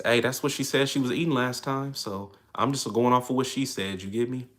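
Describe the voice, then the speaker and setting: A man's voice: medium pitch, brisk, few pauses. A man hosting a livestream, giving blunt relationship advice in casual chat while answering viewers. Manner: blunt, streetwise, animated preaching to chat. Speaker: livestream host.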